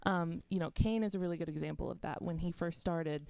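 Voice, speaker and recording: A woman's voice: fairly low pitch, fairly even intonation, brisk, creaky, a little mellow, no echo. A woman from Florida with a faint Southern accent, a backstage interviewer giving rambling, chatty answers full of fillers. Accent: faint Southern American.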